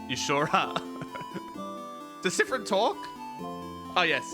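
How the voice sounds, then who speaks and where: Animated guy doing game commentary, higher voice, lots of laughs, music in back. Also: measured pace, pauses often. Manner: excitable, laughing, rambling. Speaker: gameplay streamer. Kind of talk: casual let's-play commentary.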